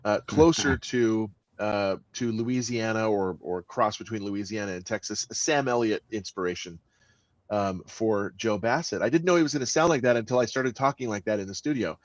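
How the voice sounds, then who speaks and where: Expressive man with a dry close sound. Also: lowish voice, moderate pace, no room sound. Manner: expressive, stresses words, frequent restarts. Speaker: guest author and audiobook narrator. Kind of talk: conversational interview answers.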